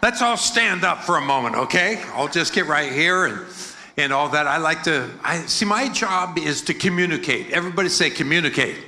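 Bright-voiced American preacher, joking with the crowd. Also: male voice, a little high, expressive, normal speed. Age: older. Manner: joking, playful, leads the crowd in chants. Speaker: guest preacher. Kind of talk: energetic sermon with crowd call-and-response. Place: church hall with a congregation.

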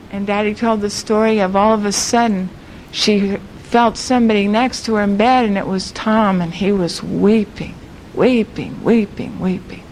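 A woman preacher telling a story in a sermon, earnest and emphatic, slowing down on the key words. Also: mid-range voice, steady tone, a little mellow, a little hiss or hum, rough recording.

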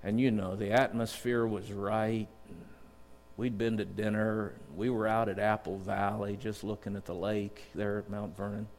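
A middle-aged man preaching a sermon in a church, earnest and storytelling, slowing down to read scripture. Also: fairly low pitch, flat delivery, darkish tone, a little hiss or hum. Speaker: district superintendent preaching. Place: church sanctuary. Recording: long church reverb.

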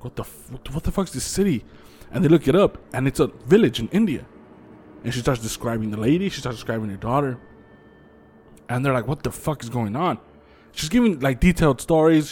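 A man co-hosting a podcast, telling ghost stories in a loose, swearing, animated way and acting out the voices of the people in them. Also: medium pitch, breathy edge. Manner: profane, animated storyteller who acts out quotes. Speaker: podcast co-host. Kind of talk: casual chat, storytelling.

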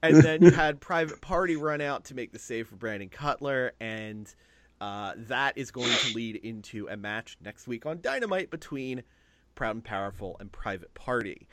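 A man co-hosting a podcast in casual chat, talking with excitement and swearing freely. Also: mid-range voice, normal speed, a crowd in the background. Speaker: podcast co-host.

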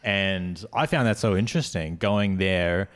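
A young man with a low, deep voice hosts a relaxed podcast conversation. He speaks in a measured, curious way and laughs easily. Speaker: podcast host. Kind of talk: casual podcast chat.

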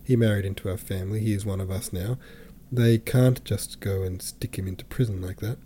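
A man voicing a distraught middle-aged woman pleading tearfully with her brother, in a low, mellow reading voice. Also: steady tone, a little fast, slight background noise, close to an everyday voice. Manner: pleading, tearful, breathless run-on speech.

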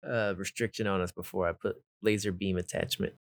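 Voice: low-pitched, fairly even intonation, brisk, no echo. A podcast co-host making dry jokes in casual chat.

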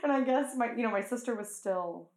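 A woman hosting a casual chat, talking freely with lots of "like"s and quick laughs. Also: on the high side, reverberant. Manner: chatty, full of "like" and quick laughs.

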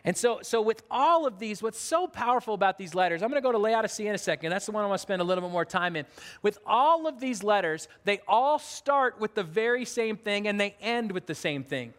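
Man, high voice, pastor preaching casually, repeats himself, long reverb of a big hall. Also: lively intonation, fairly quick, a bit bright. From United States. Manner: casual, repetitive preaching with restarts. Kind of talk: sermon.

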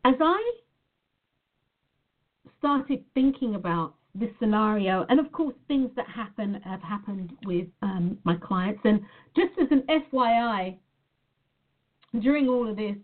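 A woman with a fairly high voice gives an earnest motivational talk as a life coach. She leans on emphatic repeats. The sound is thin and tinny, like a phone line.

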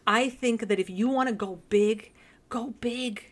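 Woman co-host, casual chat, relaxed soft-spoken storyteller. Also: a little high, unhurried.

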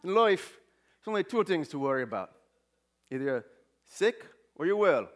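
A man's voice: a little high, sing-song, moderate pace, voice pushed up. A man putting on an Irish accent to voice a joking Irishman reciting a proverb. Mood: jolly. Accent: put-on Irish.

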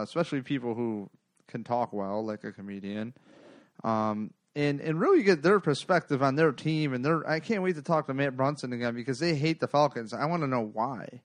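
A man hosts a casual sports podcast, rambling and cursing freely as he tells his stories. His voice sits at a middling pitch and sounds dry and close to the mic. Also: no room sound. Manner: rambling, profane, animated storytelling. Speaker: podcast host.

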